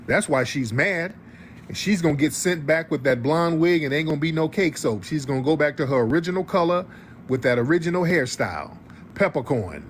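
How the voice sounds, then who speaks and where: Animated ranting livestream host, a man. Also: fairly high pitch, slight background noise. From United States. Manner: ranting, profane, scolding; repeats points for emphasis. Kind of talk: heated reaction commentary.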